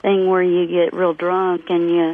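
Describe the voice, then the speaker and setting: A woman's voice: lowish voice, completely flat delivery, measured pace. A woman in her forties from Texas, calling into a radio show and talking hesitantly with fillers. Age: 40s. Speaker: caller. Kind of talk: call-in chat. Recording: tinny phone line.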